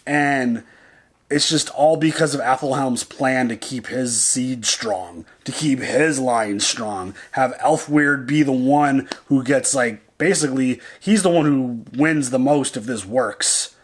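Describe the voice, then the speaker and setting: A man's voice: medium pitch, slow, slightly rough. A man co-hosting a reaction video, chatting casually, loose and profane, thinking aloud and restarting his sentences. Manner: loose and profane, heavy on "like" and "dude".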